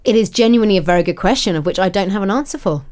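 A young woman co-hosting a casual chat, telling anecdotes in quick, animated, agreeable banter. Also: medium pitch. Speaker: podcast co-host.

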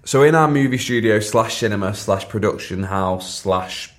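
A man co-hosting a comedy podcast, deadpan and slow to land his jokes in casual chat. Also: on the low side. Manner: deadpan, drawn-out delivery. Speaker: podcast co-host.

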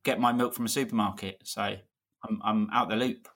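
A man's voice: on the low side, fairly even intonation, moderate pace, fairly bright tone. Dry-humoured man on a podcast. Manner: dry, self-mocking. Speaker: podcast co-host. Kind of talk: casual podcast chat.

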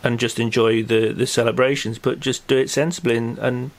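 Rambling man, flat voice. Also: mid-range voice, fairly quick. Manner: rambling, many fillers and restarts. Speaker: podcast co-host. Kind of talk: casual chat and news rundown.

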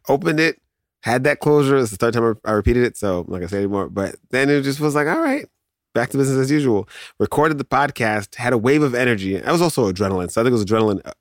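A man in his thirties hosting a podcast, rambling through a casual nostalgic rant full of restarts and sudden jumps in pitch. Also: dry recording, clean studio sound. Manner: rambling, self-interrupting, animated with laughs and sudden pitch jumps. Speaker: podcast host.

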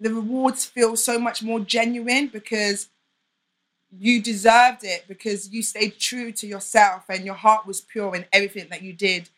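A woman's voice: mid-range voice, fairly even intonation, moderate pace, fairly bright tone. A young woman who is a podcast guest, talking openly and emphatically in a candid interview. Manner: open, heartfelt, emphatic.

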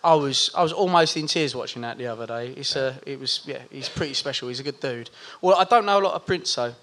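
A man's voice: mid-range voice, fast, fairly bright tone. A man guesting on a casual chat, joking and laughing often.

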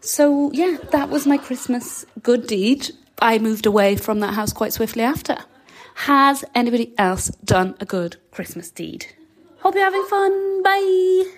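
A woman's voice: a little high, measured pace. A young woman from Newcastle, telling a chatty story in a voice message. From Newcastle, England. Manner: chatty, animated anecdote. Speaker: caller leaving a voice message.

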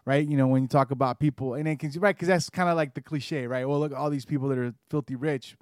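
A man's voice: mid-range voice, fairly even intonation, fast, no echo, clean studio sound. A man co-hosting a podcast in a casual chat, making his points with a questioning "right?". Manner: conversational, asks "right?" to make his points. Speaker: podcast co-host.

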